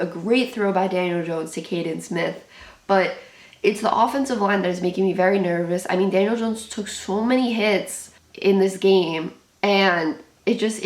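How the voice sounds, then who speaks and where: In a roomy-sounding recording, a young woman hosts a live football reaction for her sports channel. Her voice is medium in pitch, and she's anxious, exclaiming, and prone to repeating herself.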